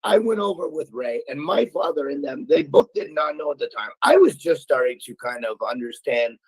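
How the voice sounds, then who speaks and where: Husky, gravelly host who tells stories with passion. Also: male voice, on the high side, lively intonation, moderate pace, no echo, rough recording. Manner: emphatic, stammering, bursts into shouting. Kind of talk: talk radio storytelling.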